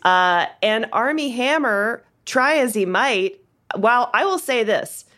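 A woman's voice: fairly high pitch, expressive, slow, a bit bright. A woman co-hosting a film podcast in casual chat, upbeat and chatty, and she laughs often. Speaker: podcast co-host.

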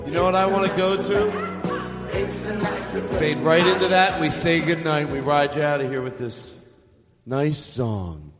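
A man's voice: on the high side, unhurried, long pauses. A man hosting a podcast, bantering casually with playful, profane teasing and frequent laughter. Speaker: podcast host. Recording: long reverb with music behind.

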